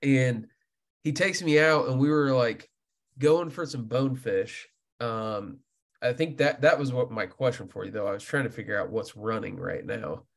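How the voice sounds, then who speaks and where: Young Indiana man, podcast guest; lively storyteller who acts out quotes and laughs easily. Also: medium pitch, normal speed, creaky. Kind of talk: casual storytelling chat.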